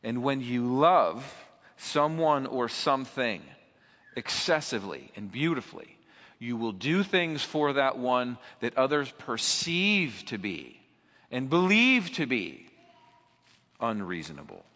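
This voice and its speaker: A man's voice: medium pitch, very animated, unhurried, a bit bright. A male preacher giving a conversational sermon, posing rhetorical questions to his congregation. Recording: echoey hall, dull lo-fi sound.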